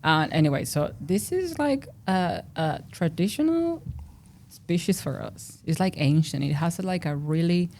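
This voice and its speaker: A young woman with a Mexican accent, a native Spanish speaker, chatting expressively as a podcast guest who laughs loudly and talks a lot. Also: on the low side, expressive, measured pace, slight background noise. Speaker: guest researcher. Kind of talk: casual podcast interview.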